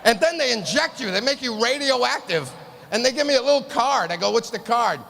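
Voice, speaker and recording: Gravelly, high-voiced comedian ranting. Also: male voice, animated, a little fast. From East Boston. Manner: profane, exasperated ranting with shouted punchlines. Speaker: stand-up comedian. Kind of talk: stand-up comedy set. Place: live comedy venue. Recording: long hall reverb, faint noise.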